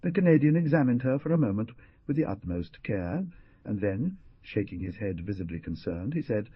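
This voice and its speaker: A man's voice: fairly low pitch, very animated, normal speed, slightly rough, dry recording, muffled recording. A man narrating an adventure novel audiobook with dramatic, swooping emphasis.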